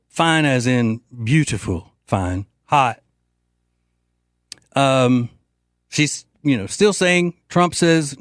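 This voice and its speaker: Speaking into a studio mic with no room sound, a male host of a political talk show runs through a brash, rambling monologue peppered with jokes and fillers. His voice is mid-range.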